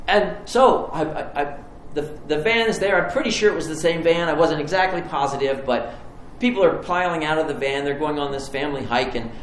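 A man preaching a sermon, telling a personal story with lively restarts and repetitions. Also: on the high side, echoey room, slight background noise, poor audio. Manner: storytelling, animated, stumbling restarts. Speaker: pastor.

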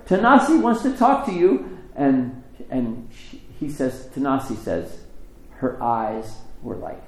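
A man preaching a sermon, telling a story and acting out the quotes with lively rises in his voice. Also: creaky. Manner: animated storytelling, acting out quotes with rising pitch. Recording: echoey room with faint ambience.

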